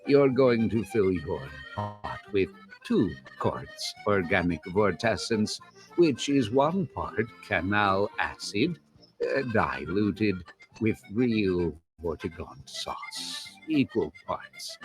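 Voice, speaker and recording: A man's voice: lowish voice, very animated, slow pace, faint music behind, low-quality recording. A man delivering a mock cooking-show recipe in a showy, instructional way.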